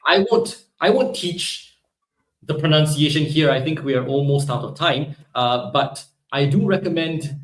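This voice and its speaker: A man's voice: fairly high pitch, measured pace, roomy sound, a little hiss or hum, low-quality recording. A man teaching a live online language class, explaining step by step and often checking in with "right?". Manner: explanatory, peppers speech with "right?". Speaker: Hebrew teacher.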